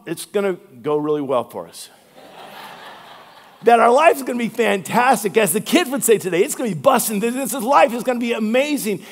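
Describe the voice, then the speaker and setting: A pastor from Louisiana preaching an earnest sermon, drawing out key words for emphasis. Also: male voice, high voice. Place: church sanctuary. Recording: long church hall reverb.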